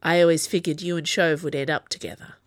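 A woman's voice: sits low, steady tone, fast, dry recording, studio quality, natural voice. Jules, a sulky, dramatic young man, read by a woman. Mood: teasing. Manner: theatrical, petulant.

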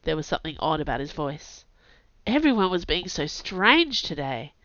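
A woman, an author and podcast host, narrating a story aloud in a lively, expressive way, on a dull lo-fi recording. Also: deep voice, moderate pace, no room sound. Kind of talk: scripted audiobook narration. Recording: dull lo-fi sound.

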